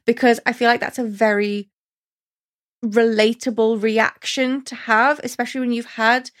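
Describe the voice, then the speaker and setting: A woman's voice: fairly high pitch, little pitch movement, moderate pace. A woman in a casual chat, talking enthusiastically and acting out quotes in different voices.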